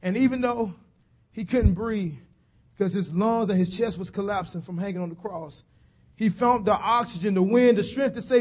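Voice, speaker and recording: Preacher, male, fairly high voice, rhythmic repetition that rises to shouts. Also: moderate pace. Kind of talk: sermon.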